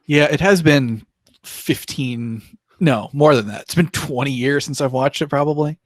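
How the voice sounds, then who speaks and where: A man's voice: mid-range voice, moderate pace, dry recording. A man hosting a comedy podcast, chatting casually in a playful, mock-indignant way.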